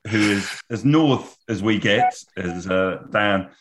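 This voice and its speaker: A man's voice: lowish voice, slow pace, slight background noise. A man hosting a podcast over a video call, chatting in a friendly, teasing way and reading out listener emails. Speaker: podcast host.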